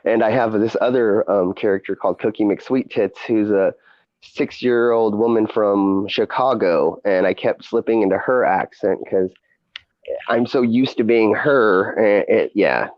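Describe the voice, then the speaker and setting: A man's voice: lowish voice, measured pace, dry recording, dull audio. A man hosting a casual chat, rambling with many fillers and frequent laughs. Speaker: podcast host and streamer.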